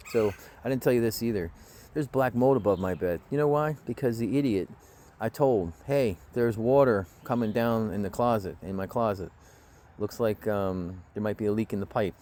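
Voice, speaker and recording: Speaking to the camera in the woods, a man with a fairly low, slightly mellow voice rants through a long, aggrieved story, blunt and heavy with swearing. He's a vlogger doing casual storytelling, and there's slight background noise.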